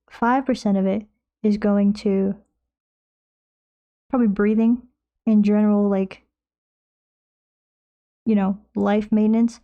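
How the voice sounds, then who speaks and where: A woman's voice: mid-range voice, lo-fi sound. A woman streaming while she paints, chatting in a rambling, jokey way and slipping into silly voices. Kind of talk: casual chat while painting.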